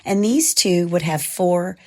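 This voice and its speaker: A woman with a hoarse voice from a cold, co-hosting and narrating a true crime podcast in a measured, scripted way. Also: fairly low pitch, mellow. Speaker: podcast co-host.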